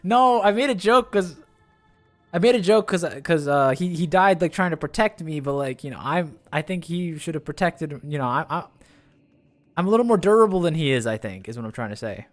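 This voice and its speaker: A man streaming a game live, chatting excitably and rambling with restarts, his voice jumping up on exclamations. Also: a little fast, soft background music. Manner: excitable, jumps up in pitch on exclamations. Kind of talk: live gameplay commentary.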